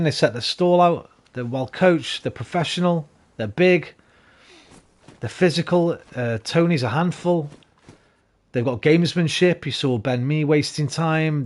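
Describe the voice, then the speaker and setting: A man's voice: a little high, a little slow, darkish tone. Chatty, tired Englishman streaming a game. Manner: chatty, rambling, swears casually. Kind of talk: casual live-stream chat while gaming.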